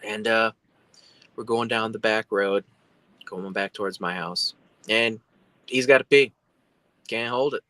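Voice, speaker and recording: A man telling a story as a guest in a casual, animated way. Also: on the low side, measured pace, pauses often, dry recording, low-quality recording.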